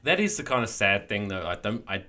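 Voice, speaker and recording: A man co-hosting a casual football podcast, animated and jokey. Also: on the low side, fairly quick. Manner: animated, jokey, puts on voices for quotes. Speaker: podcast co-host.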